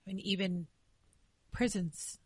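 A woman hosting an interview in a mid-pitched voice. She encourages her guest warmly and reflects thoughtfully on the story. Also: fairly even intonation, a little slow, slightly rough. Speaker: host. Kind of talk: casual interview chat.

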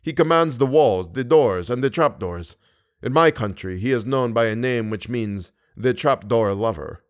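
A man's expressive, natural voice carries an audiobook role: a cautious, grave older Persian guide who speaks with a Persian accent in a low, hushed, measured way.

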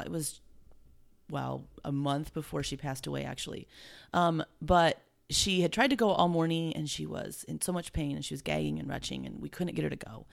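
Low gravelly-voiced woman, emotional. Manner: emotional, halting, many restarts. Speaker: guest. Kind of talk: heartfelt conversation.

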